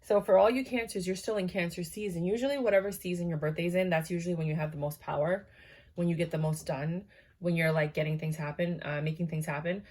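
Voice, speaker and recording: Low-voiced tired tarot reader woman. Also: steady tone, fast talker, a little mellow. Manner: chatty, reassuring, fillers and asides. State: tired, yawning. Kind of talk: casual tarot reading to camera.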